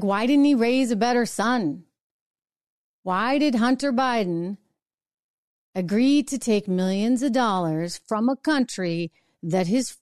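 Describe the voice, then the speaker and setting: A woman's voice: medium pitch, no echo. Woman, middle-aged, show host, opinion monologue, sarcastic, indignant, rhetorical questions, dry close sound.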